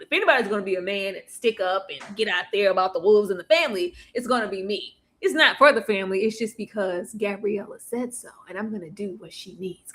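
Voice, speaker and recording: Animated woman recapping with acted-out quotes. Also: medium pitch. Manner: animated, acts out characters' lines with laughs. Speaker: podcast co-host. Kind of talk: casual recap chat.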